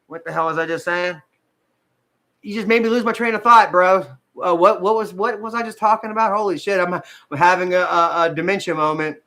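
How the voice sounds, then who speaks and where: Emotional male streamer, high bright voice, rambling and profane, on the edge of tears. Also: fairly even intonation, brisk. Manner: rambling, frequent fillers, heavy swearing. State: tearful at times. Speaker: vlogger talking to live viewers. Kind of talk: emotional casual livestream talk.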